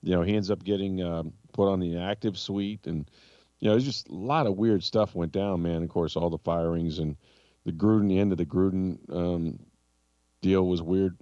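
Low-voiced male reporter co-host, dry and slightly dull sound, animated and exasperated. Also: moderate pace, dry recording. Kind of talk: casual sports talk.

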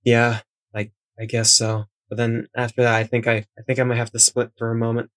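Guy player in a tabletop game, halting and unsure, mid pitch, dry sound. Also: monotone, fairly bright tone, dry recording. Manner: hesitant, halting, often restarts. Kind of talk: tabletop role-play.

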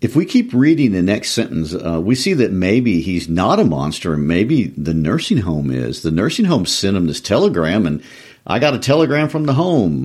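Deep-voiced man with animated delivery. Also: breathy edge. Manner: lively, conversational, animated delivery. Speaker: podcast co-host. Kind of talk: casual literary discussion.

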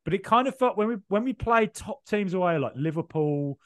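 A man chats through a football podcast, rambling and joking as he tells his stories. His voice sits fairly high, and the recording is close and dry with no room around it. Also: lively intonation, brisk, a bit bright, dry recording. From Birmingham, England. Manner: rambling, jokey storytelling with frequent fillers. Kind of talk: casual chat.

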